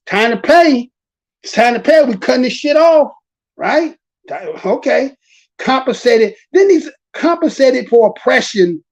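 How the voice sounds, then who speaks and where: Animated, profane American woman ranting. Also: high-pitched, dull audio. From United States. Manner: animated, profane, repeats and drawls key words. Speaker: commentary channel host. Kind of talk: casual ranting commentary.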